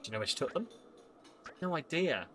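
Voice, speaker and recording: A man on a live stream playing a game, reading its dialogue aloud and thinking out loud, with lively delivery. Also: fairly high pitch, a little fast, slight background noise.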